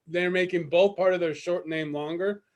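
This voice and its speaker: Man, podcast co-host, laid-back, joking, laughs a lot, high voice. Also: steady tone, normal speed. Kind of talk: casual chat.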